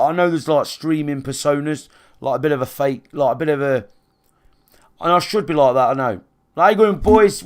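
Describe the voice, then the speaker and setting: Blunt, sweary streamer. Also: male voice, medium pitch, clear, resonant tone. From England. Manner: blunt and sweary, rambling with restarts and fillers. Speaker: game streamer. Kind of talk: casual rambling chat to a live stream. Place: his own room, alone.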